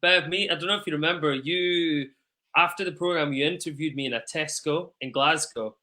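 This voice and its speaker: A man's voice: a little high, sharp tone. A man who performs in musicals, talking earnestly and enthusiastically as an interview guest. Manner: earnest, enthusiastic, fast bursts. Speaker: musical theatre singer and guest. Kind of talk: casual chat.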